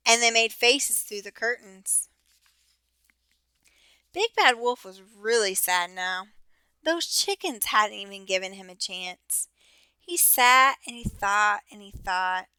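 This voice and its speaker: A teacher reading a children's storybook aloud, slowly and expressively. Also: female voice, medium pitch, expressive, bright, forceful tone, clear, resonant tone, no room sound.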